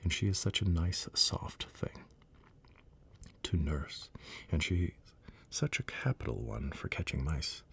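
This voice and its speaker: A polite, wondering little girl from a bedtime storybook, as a man whispers her lines. Whispered role-play with a husky, breath-heavy grain and a gravelly edge under it, kept soft and earnest throughout. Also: a bass voice, expressive, takes it slowly, pauses often, full character voice. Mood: soothing. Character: curious polite little girl lost in a dream world.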